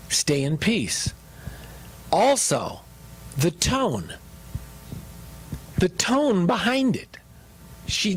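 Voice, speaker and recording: Guy preaching on marriage, kinda high voice, gravelly, jokes with the crowd a lot. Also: slight background noise, low-quality recording. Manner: joking, animated, speaks to the audience. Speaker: pastor. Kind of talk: marriage teaching sermon.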